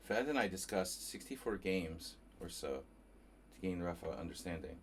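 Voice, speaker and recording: Low-voiced guy streaming chess, thinking out loud, chatting w viewers, faint room noise. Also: animated, normal speed. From New Jersey. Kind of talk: casual live commentary while playing.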